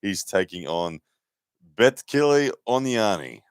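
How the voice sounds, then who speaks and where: A man's voice: lowish voice, sing-song, slow, clear, resonant tone, no room sound, studio quality. A man hosting a live sports commentary stream in a chatty, filler-heavy way. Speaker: host and commentator.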